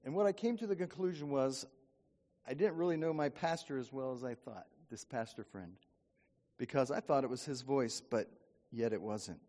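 A man's voice: mid-range voice, normal speed, dark tone. A man preaching a sermon as pastor, in a folksy, conversational way, often checking in with the congregation. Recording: long hall reverb.

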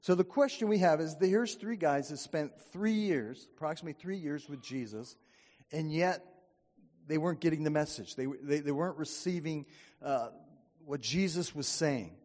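A man's voice: fairly high pitch, moderate pace, darkish tone. A man preaching a sermon as pastor, in a folksy, conversational way, often checking in with the congregation. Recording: long hall reverb.

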